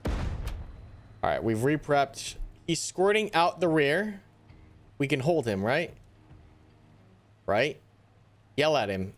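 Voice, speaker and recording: A young man giving live commentary on a tactical shooter, animated and easily exasperated, groaning and swearing at setbacks. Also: fairly high pitch, slow, pauses often, a little hiss or hum. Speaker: gaming YouTuber.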